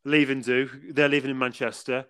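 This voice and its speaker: A man's voice: medium pitch, little pitch movement, a little fast, pushed and bright, clean tone. A young man, co-hosting a podcast and telling rambling stories in casual chat, with frequent laughs and fillers. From England. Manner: rambling storyteller, laughs often, many fillers. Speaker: podcast co-host.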